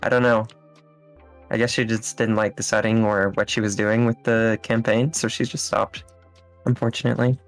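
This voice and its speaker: A man as an interview guest, telling stories in a relaxed, rambling way with fillers and small laughs. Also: lowish voice, moderate pace, soft background music. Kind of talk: casual interview chat.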